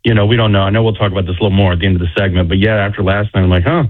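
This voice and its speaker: A man calling into a radio show to chat and review a film, relaxed and conversational. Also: lowish voice, rapid-fire. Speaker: phone-in contributor and film reviewer. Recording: tinny phone line.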